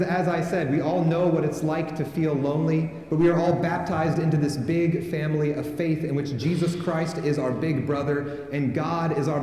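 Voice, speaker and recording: A man's voice: fairly high pitch, warm tone. A man preaching a sermon as a pastor and calling on the congregation to take part, recorded in a large church sanctuary. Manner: calls on the congregation to respond. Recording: echoey hall with long reverb.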